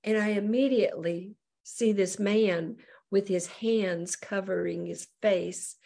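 A gravelly, mid-range voice belongs to this middle-aged woman evangelist, who takes her time speaking. Appearing as a show guest, she animatedly relates a personal testimony and performs the quoted voices.

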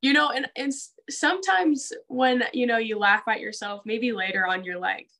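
A woman's voice: fairly high pitch, moderate pace, pushed and bright, rough recording. A woman co-hosting a casual conversation, talking earnestly with lots of "like" fillers. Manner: earnest, filler-heavy with frequent "like". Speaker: co-host.

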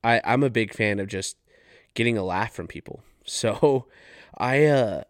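An unhurried man with a fairly low pitch hosts a podcast from his couch at home; the recording is dry and studio quality. He's young and from Farmington, New Mexico, USA, and his funny stories wander casually, with plenty of fillers and cursing.

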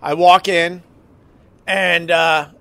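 A man's voice: on the high side, flat delivery, extremely slow, bright, forceful tone, no echo. A man telling a personal emergency story in a casual, emotional way, swearing and acting out what others said. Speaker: husband recounting an emergency.

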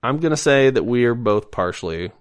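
A man hosting a podcast in an everyday middle pitch. He talks casually, dry and teasing, dropping the odd swear word as he works through notes with his co-host. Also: lively intonation, a little fast. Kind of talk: casual chat.

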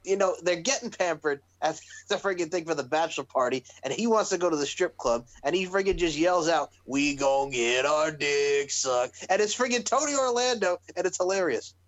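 A man co-hosting a casual podcast chat, animated, swearing freely and breaking into laughter. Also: high-pitched, brisk, hardly any pauses, dry recording, poor audio. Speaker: podcast co-host.

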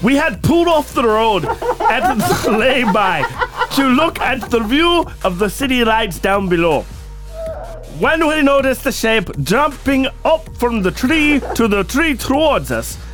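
Man doing a put-on Irish brogue, slow, careful spooky storyteller reading a witness tale. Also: very high-pitched, big pitch swings, over music, voice pushed up, exaggerated voice. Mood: storytelling. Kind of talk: reading a listener story aloud in a put-on accent.

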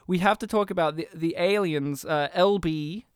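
This woman has a lowish voice with a clean tone, speaking at a normal speed. On a dry, clean studio recording, she co-hosts a casual movie review podcast, retelling the film with frequent laughter and character impressions.

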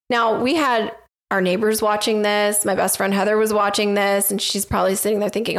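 A woman's voice: medium pitch, steady tone, fairly quick. Frank, self-assured woman telling a story. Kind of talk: casual chat.

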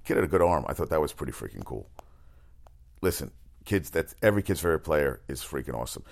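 A man with a very low voice full of gravel and vocal fry talks through sports news in a loose, unscripted monologue. He rambles, stumbles over names and restarts his sentences. He swears freely. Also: animated, fast. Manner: rambling, profane, frequent restarts; exasperated outbursts. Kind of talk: casual sports chat monologue.

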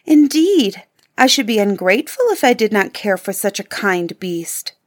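A woman voicing an earnest, warm-hearted young woman in a storybook, speaking brighter and higher than her narration. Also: animated, unhurried. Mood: earnest, pleading.

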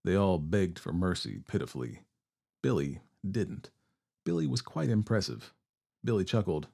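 A man narrating a story in a steady, expressive reading voice. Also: deep voice, normal speed, vocal fry, breathy edge.

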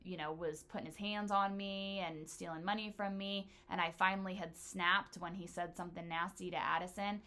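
A woman's voice: fairly low pitch, fairly even intonation, moderate pace, hardly any pauses, pushed and bright. A woman hosting a casual chat, telling personal stories in a blunt, profane way.

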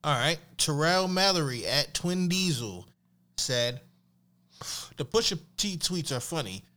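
Bright, giggly male podcast host. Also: a little high, animated, unhurried. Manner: laughs often, repeats "you know what I'm saying". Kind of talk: casual podcast chat.

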